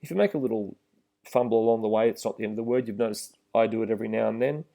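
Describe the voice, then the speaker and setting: A middle-aged man giving a relaxed, plain-spoken instructional talk to trainee driving instructors, with some fillers. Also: on the low side, rapid-fire, creaky. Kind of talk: instructional voice-over with slides.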